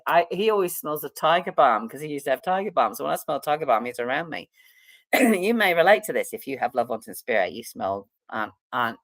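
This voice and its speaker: A woman's voice: rumbling low, no echo. A middle-aged woman, a psychic and counselor, talking in a rambling, casual vlog chat full of fillers and restarts.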